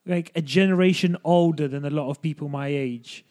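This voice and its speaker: A man in his thirties from Russia, chatting in lively podcast banter and laughing often. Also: a little high, fairly quick.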